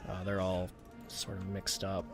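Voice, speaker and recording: A man's voice: sits low, completely flat delivery, unhurried, loud music behind the voice. A man talking through a strategy game as he plays, thinking aloud and swearing when the game frustrates him. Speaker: gaming channel host. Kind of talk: let's play commentary.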